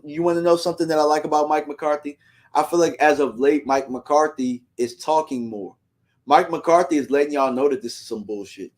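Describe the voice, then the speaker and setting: A man's voice: medium pitch, a little mellow. A man hosting a fan livestream, ranting heatedly in slangy casual talk and reading out viewer comments.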